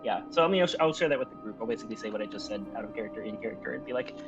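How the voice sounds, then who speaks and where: A man taking part as a player in a tabletop game, talking quickly and restarting his sentences. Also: lowish voice, over music, rough recording. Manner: quick, animated, restarts mid-thought.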